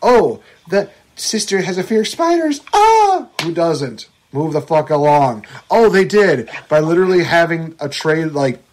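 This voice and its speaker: A young man on a podcast in full rant mode, his voice swinging from low grumbles to sudden high outbursts. He swears freely and mocks what he dislikes, keeping his voice a touch higher than most men's. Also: moderate pace, few pauses, a little hiss or hum. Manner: animated, profane ranting with mocking quotes. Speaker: podcast co-host. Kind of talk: casual movie review chat.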